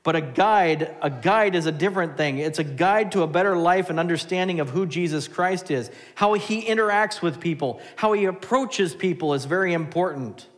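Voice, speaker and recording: A man preaching a sermon as pastor, animated, swinging between loud and hushed. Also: high voice, moderate pace, few pauses. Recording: long hall reverb.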